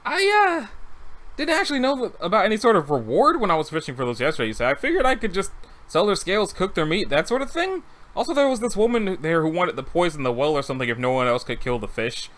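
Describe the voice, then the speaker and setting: A man's voice: high-pitched, huge pitch swings, fast talker, a bit bright, full character voice. A man voicing a nervous young rat-person adventurer while reading a text game aloud, with a hesitant, stammering manner.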